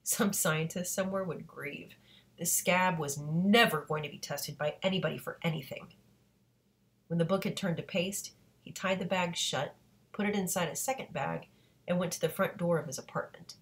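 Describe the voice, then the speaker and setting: A woman reads a novel aloud in a fairly low voice, keeping an even, steady pace. Now and then she catches a slip and corrects herself before moving on. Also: moderate pace. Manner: steady reading with occasional self-corrections. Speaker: audiobook reader.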